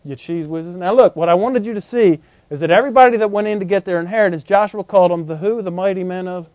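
A man's voice: high-pitched, fast talker, no echo, muffled recording. A man preaching a sermon in a joking, folksy way, with slang, who often asks the congregation questions.

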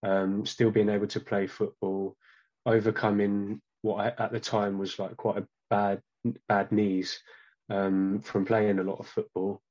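A man being interviewed about his training, talking casually and hesitantly with many pauses and restarts. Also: lowish voice, little pitch movement, a little mellow, lo-fi sound. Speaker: guest.

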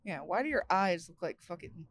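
A woman's voice: on the low side, lively intonation, brisk. A young adult woman co-hosting a podcast in casual chat, crude and profane, laughing often. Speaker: podcast co-host.

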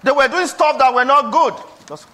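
Speaking at a moderate pace in a very high voice, this Nigerian-accented man preaches, shifting from gentle pleading questions to loud calls to action.

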